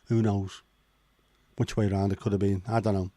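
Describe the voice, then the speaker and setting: Man from liverpool, livestream host, casual chat, low voice, dry close sound. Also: level tone, normal speed, warm tone, dry recording. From Liverpool, England. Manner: sweary, joking, chatty asides.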